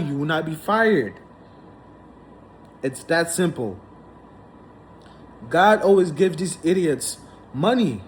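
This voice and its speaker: A man delivering an indignant, heated monologue, repeating himself and hammering his points. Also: high-pitched. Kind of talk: ranting monologue to camera.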